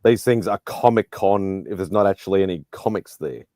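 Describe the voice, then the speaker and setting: A man's voice: low-pitched, brisk, dark tone, no echo, clean studio sound. A man chatting casually on a video hangout, laid-back and matter-of-fact. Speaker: panelist. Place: home, joined by video call.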